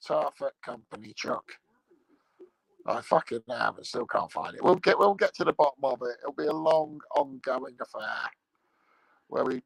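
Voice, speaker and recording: A man's voice: mid-range voice, creaky, fairly bright tone, no room sound, low-quality recording. A man hosting his own stream, rambling casually through a sweary, jokey monologue. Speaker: streamer host.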